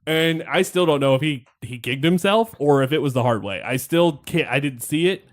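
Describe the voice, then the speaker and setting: A man's voice: fairly high pitch, animated, moderate pace. A man hosting a podcast, rambling through a wrestling match recap in casual chat, wry and laughing, with the odd swear. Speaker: podcast host.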